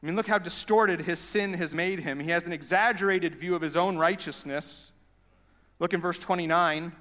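A male pastor preaching a sermon in a conversational, animated way. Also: sits high, moderate pace, long reverb tail.

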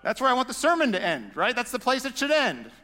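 A male pastor preaching a sermon in a conversational, animated way. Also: very high voice, fast talker, in a large hall.

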